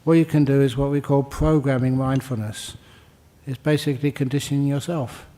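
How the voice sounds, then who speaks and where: A man's voice: mid-range voice, steady tone, fairly quick, mellow. An older man, a Buddhist monk, giving a conversational dharma talk and answering questions, with jokes and phrases repeated for emphasis. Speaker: Buddhist monk teaching meditation.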